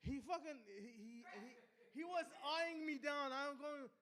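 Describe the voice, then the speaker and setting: A high-pitched man rants through an open-mic stand-up bit, swearing constantly and defiantly. He shouts some lines and mutters others under his breath, all in a rambling, unpolished flow. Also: a little slow. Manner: profane, defiant, loud bursts then muttering. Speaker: stand-up comedian. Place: small comedy club.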